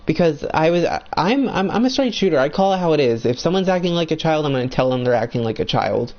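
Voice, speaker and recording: A man's voice: fairly high pitch, expressive, quick pace, muffled recording. A young man ranting bluntly about friends while playing a video game, swearing a lot in a heated, agitated way.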